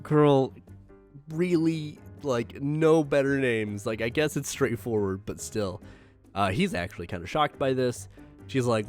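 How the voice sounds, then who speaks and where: Joking man recapping an anime episode. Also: medium pitch. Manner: joking, slangy, paraphrases characters in quick offhand voices. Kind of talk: casual episode recap commentary.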